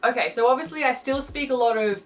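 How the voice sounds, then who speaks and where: A woman with a softened Australian accent, co-hosting a casual vlog chat, chatty and laughing easily as she explains things carefully. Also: high voice, fast talker, faint music behind. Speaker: vlog co-host.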